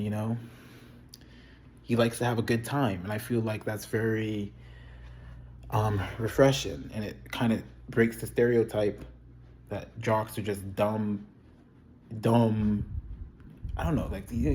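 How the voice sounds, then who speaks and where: A man's voice: on the low side, mellow, a little hiss or hum. A man in a casual video, giving blunt, profane opinions in a rambling, candid way. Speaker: video creator reviewing a TV show. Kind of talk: casual chat.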